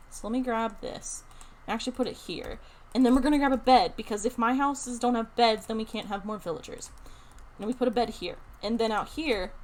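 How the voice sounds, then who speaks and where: A young woman streaming a building game, chatting casually and thinking aloud in an excited, talkative way. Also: a little high. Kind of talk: casual live-stream chat while playing a building game.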